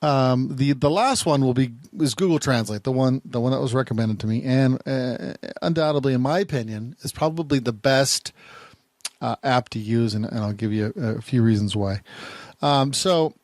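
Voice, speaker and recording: A man's voice: medium pitch, moderate pace, darkish tone, dry recording. A man working as a private investigator, casually reviewing phone apps in a rambling way, often repeating words and restarting sentences. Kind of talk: casual talking-head app review.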